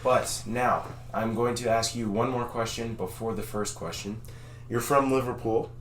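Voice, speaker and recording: A man hosting a podcast, chatting with enthusiasm and introducing his guest warmly. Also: medium pitch, steady tone, moderate pace. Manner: enthusiastic, friendly. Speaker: podcast host. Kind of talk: casual interview chat. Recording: roomy, off-mic with faint noise.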